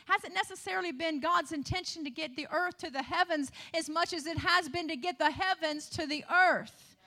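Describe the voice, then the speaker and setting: A woman's voice: very high voice, normal speed, hardly any pauses, bright, forceful tone. A woman preacher delivering a sermon. She calls out "hallelujah" and asks the congregation rhetorical questions.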